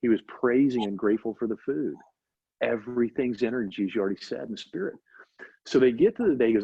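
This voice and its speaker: A man's voice: mid-range voice, lively intonation, quick pace, creaky, warm tone, husky, no echo. A man, a doctor being interviewed, telling a story with emphatic repetition. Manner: emphatic, repeats for effect. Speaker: guest, doctor. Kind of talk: animated storytelling in conversation. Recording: dull lo-fi audio.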